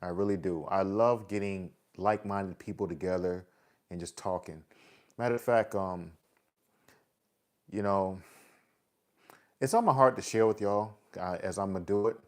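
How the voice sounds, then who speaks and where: A man's voice: low voice, moderate pace, long pauses. A man talking earnestly to his followers about his faith, casual and repetitive, with heavy sighs. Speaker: vlogger sharing faith testimony. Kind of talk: heartfelt personal talk to followers.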